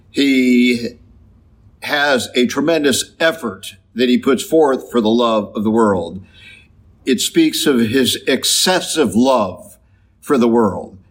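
A man, a priest, preaching a sermon slowly and emphatically, drawing out key phrases. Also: medium pitch, slightly rough. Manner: slow, emphatic preaching with drawn-out stressed phrases.

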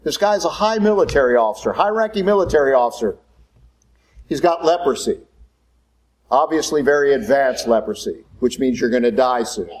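A man preaching a sermon in a conversational, animated storytelling manner. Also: medium pitch, normal speed, rough recording.

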